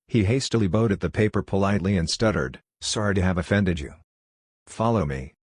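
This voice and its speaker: Male audiobook narrator, very low voice, dry close sound, steady read. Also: no room sound.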